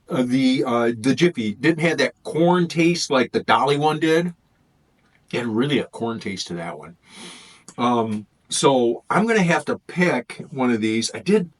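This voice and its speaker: A man's voice: mid-range voice, husky. A man reviewing food in a casual vlog, thinking aloud and rambling as he tastes.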